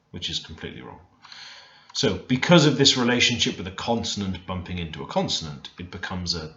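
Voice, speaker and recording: A man teaching beginner vocabulary in a relaxed, thinking-aloud way, often stopping to correct himself. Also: deep voice, fairly quick. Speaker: language learner teaching Korean. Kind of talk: screen-recorded language lesson. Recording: roomy, dull lo-fi screen recording.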